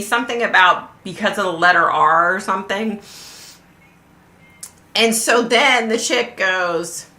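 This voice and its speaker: On a psychic livestream, the middle-aged host shares a story conversationally, her medium-pitched voice unhurried. She laughs frequently and brings others' words to life by mimicking them.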